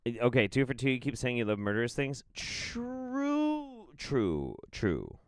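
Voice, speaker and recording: A man's voice: mid-range voice, very fast, smooth, dry recording, studio quality. A man reacting to played video clips with profane, incredulous commentary. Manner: profane, incredulous, animated outbursts.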